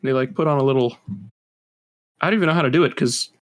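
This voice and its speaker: A man's voice: medium pitch, racing. A young man co-hosting a podcast, offhand and chuckling, often saying "dude". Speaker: podcast co-host. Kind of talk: casual podcast banter.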